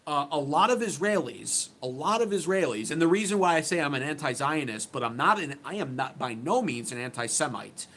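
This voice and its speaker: A man's voice: on the high side, lively intonation, fairly quick, hardly any pauses, fairly bright tone, slight background noise. A man hosting his own channel, giving opinionated political commentary in an emphatic, sarcastic way, often restarting his sentences. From United States.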